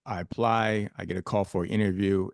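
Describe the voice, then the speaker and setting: Middle-aged guy, lowish voice, dry close mic, punchy storytelling w/ lots of "what do you do?". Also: fairly even intonation, a little fast, no room sound. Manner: emphatic, builds stories with rhetorical questions. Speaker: podcast guest. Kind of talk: personal storytelling in a podcast interview.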